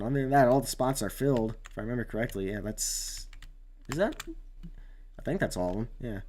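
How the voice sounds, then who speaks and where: A man commentating his own sim race on a live stream, rambling with many fillers and sudden excited outbursts. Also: mid-range voice, a little fast, long pauses.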